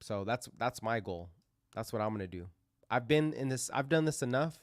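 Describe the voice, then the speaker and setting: A man's voice: mid-range voice, lively intonation, moderate pace, no echo, studio quality. A man hosting a crypto livestream, talking casually and rambling through live chart commentary with lots of fillers and restarts.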